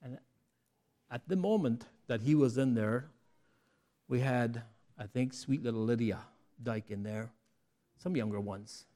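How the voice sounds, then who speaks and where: A man preaching a sermon, moving between quiet asides and loud, emphatic peaks, often asking the congregation rhetorical questions. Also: mid-range voice, unhurried, pauses often.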